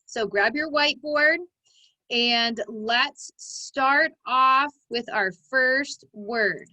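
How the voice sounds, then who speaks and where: A woman's voice: sits high, extremely slow, bright, forceful tone, dry recording, rough recording. A woman teaching a recorded phonics lesson to children, giving encouraging step-by-step instructions.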